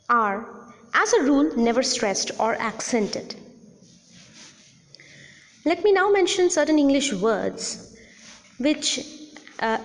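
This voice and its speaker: A woman teaching English word stress in a recorded lesson, speaking deliberately and repeating each example word clearly. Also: a little high, in a large hall.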